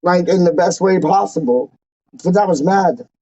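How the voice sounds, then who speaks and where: A man's voice: sits high, moderate pace, warm tone, muffled recording. A man hosting a fan channel, talking in a casual, slangy and emotional way with many repeated exclamations.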